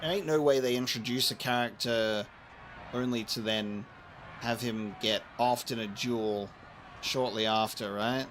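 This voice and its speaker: A man's voice: mid-range voice, steady tone, a little slow, a bit bright, a little hiss or hum. A man casually commenting and joking while playing through a story game. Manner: laid-back, joking reactions. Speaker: streamer.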